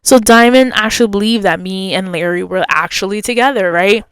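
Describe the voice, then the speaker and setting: A woman podcast host telling a story in a casual, chatty way. She leans on "like" as a filler and jumps her pitch when she acts out other people's voices. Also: fairly quick, smooth, no echo.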